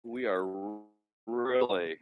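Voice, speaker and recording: A man's voice: mid-range voice, takes it slowly, narrow, tinny audio. A man live-streaming while walking his dogs outdoors, talking casually and bluntly, with sarcasm and frequent swearing. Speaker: vlogger live-streaming a dog walk. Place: outdoors on a city walking path.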